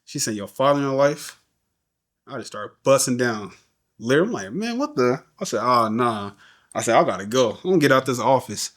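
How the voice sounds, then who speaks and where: Animated man telling a story. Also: mid-range voice, brisk. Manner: animated, acts out quoted voices. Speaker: podcast guest. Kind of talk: casual storytelling interview.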